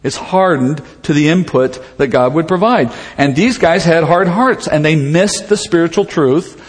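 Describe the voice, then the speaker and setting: A man teaching verse by verse from the Bible, conversational and animated, acting out the dialogue with humor. His voice sits a little high. It rings with the long reverb of a large hall. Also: normal speed.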